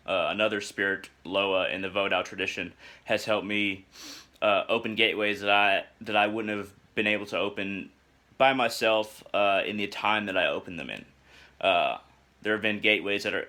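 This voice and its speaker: Halting, earnest young man with a bright voice. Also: lowish voice. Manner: halting, many filler uhs and restarts; earnest, searching for words. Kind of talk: personal spoken reflection.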